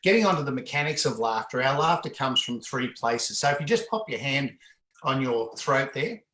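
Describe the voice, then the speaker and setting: A man leading laughter exercises in an interview, explaining in an animated way and breaking into hearty laughs. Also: mid-range voice, normal speed. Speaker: laughter yoga facilitator. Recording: roomy echo.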